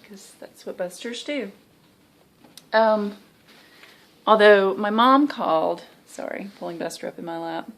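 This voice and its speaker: A woman in her thirties with a Southern US accent, chatting candidly and rambling in a stitching vlog, sounding tired. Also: medium pitch. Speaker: cross-stitch vlogger. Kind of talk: casual chat.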